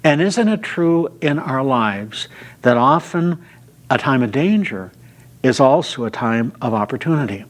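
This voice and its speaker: Unhurried man teaching a Bible study. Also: medium pitch. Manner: unhurried retelling with frequent "uh" fillers.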